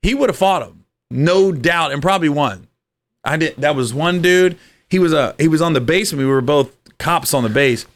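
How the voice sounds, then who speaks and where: A middle-aged man telling lively, profane stories in a casual podcast chat, jumping his pitch up for quoted voices. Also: normal speed. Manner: animated storyteller, swearing, jumps high for quoted voices. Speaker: podcast co-host.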